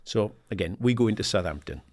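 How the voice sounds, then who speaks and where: A man in his sixties from England, a guest in an interview, telling animated stories and acting out the dialogue. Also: lowish voice, fast. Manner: animated anecdotes, acts out quoted dialogue, laughs often; swears casually, says "mate". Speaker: guest, former footballer and assistant manager. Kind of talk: casual storytelling interview.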